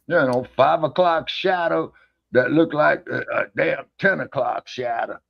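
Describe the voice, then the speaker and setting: A man's voice: on the high side, unhurried, vocal fry, no room sound. A man co-hosting an online talk show who tells folksy road stories, swears freely and acts out the dialogue himself. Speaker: co-host. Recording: dull, dry lo-fi audio.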